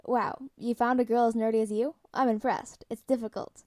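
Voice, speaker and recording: A woman's voice: a little high, a little fast, dark tone, close to an everyday voice. A woman reading the lines of a brash, rambling, protective middle-aged man in a story read aloud. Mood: fatherly.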